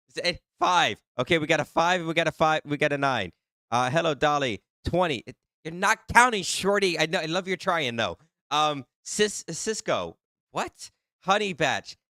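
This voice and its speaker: A man hosting a live stream who reads out the chat in a flustered, excitable way and teases the viewers. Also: a little high, dry recording, clean studio sound. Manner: flustered and excitable, laughing often, teasing viewers. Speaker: livestream host reading chat.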